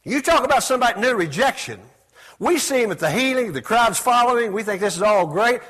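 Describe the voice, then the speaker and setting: Animated high-voiced male preacher. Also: fairly quick. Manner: call-and-response preaching, asks the congregation to repeat words; swings between loud exclamations and soft asides. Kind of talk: sermon.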